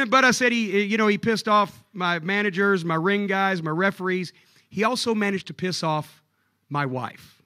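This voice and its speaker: A man telling profane stories on stage at a live comedy club show, animated and jokey. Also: high-pitched, moderate pace, no room sound.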